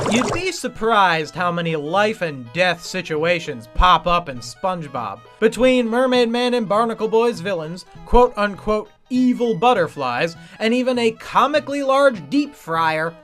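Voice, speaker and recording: A man's voice: high-pitched, fairly bright tone. A man giving scripted video-essay narration about cartoon writing, analytical and emphatic.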